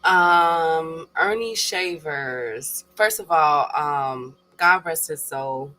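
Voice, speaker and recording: A woman with a bright, forward voice talks boxing in an unhurried, hesitant way, thinking aloud between her points. She takes her time, pausing often to search for names. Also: low-pitched. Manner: slow and musing, many hesitations. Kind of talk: casual live stream banter.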